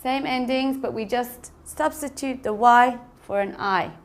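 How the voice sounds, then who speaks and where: A woman teaching an English lesson at an unhurried, deliberate pace. Her voice sits a little high. She repeats each example and spells out endings letter by letter, with patient care. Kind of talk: slow classroom explanation.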